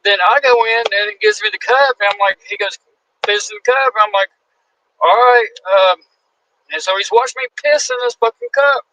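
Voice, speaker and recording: A man in his forties spins a backstage story with a high, swooping voice. He jumps into each quoted line and swears freely. His tone is bright and lively. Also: moderate pace, lo-fi sound. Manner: animated, acts out quotes in shifting voices. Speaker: guest wrestler. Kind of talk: casual storytelling.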